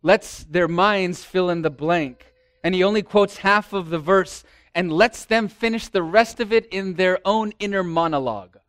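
Pastor, male, high register, dramatic delivery, dry close sound. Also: moderate pace, a bit bright, no room sound. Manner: dramatic preaching, acts out quoted voices. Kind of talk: sermon.

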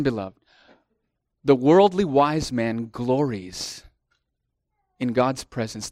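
A middle-aged man preaching a sermon as pastor, swelling into emphatic lines and then dropping to hushed asides. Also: a little high, dry recording, clean studio sound.

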